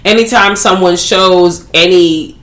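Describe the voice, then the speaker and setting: A woman hosting a podcast, recapping a movie in animated, profane slang. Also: lowish voice, measured pace. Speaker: podcast host. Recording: roomy echo.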